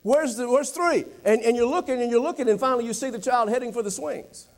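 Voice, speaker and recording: A man preaching a sermon, with a dramatic delivery that swings from animated to hushed and low. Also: quick pace. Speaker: pastor. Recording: long hall reverb.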